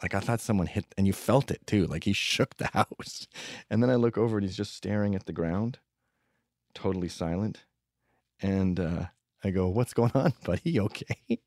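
A man's voice: deep voice, fairly even intonation, normal speed, a little mellow, no echo, clean studio sound. A man telling rambling, profane stories with sardonic humor in a comedic monologue. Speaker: podcast host telling stories.

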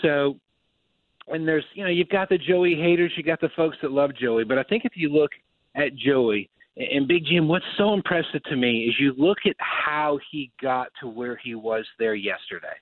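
A man hosting casual racing talk, telling stories with lively quoted voices. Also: fairly high pitch, moderate pace, no echo. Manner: animated storyteller, acts out quotes. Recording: dry tinny phone-like sound.

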